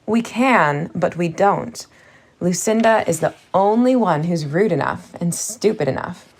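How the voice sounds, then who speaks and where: A woman's voice: on the low side, lively intonation, measured pace. A woman voicing a bossy, motherly older fairy cook who talks brusquely and scolds. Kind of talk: audiobook character voice.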